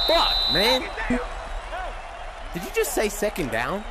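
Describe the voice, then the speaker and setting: A young man streaming a football video game, cursing and yelling at the players as he plays. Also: high voice, huge pitch swings, takes it slowly, over loud music. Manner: profane, yells at the game. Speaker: gaming streamer. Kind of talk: gaming commentary. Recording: loud game crowd and noise. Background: loud video game stadium crowd.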